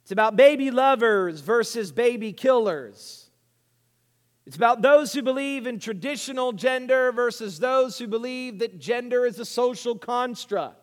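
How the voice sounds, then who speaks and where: A man preaching a sermon, swinging from hushed asides to loud, emphatic lines. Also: very high-pitched, moderate pace. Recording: reverberant hall.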